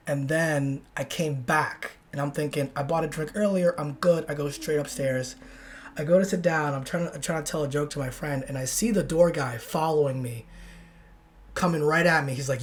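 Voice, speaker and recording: A man's voice: a little high, fairly even intonation, a little fast. A young man from Texas hosting a solo podcast, telling a rambling story with many restarts and casual swearing. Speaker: podcast host.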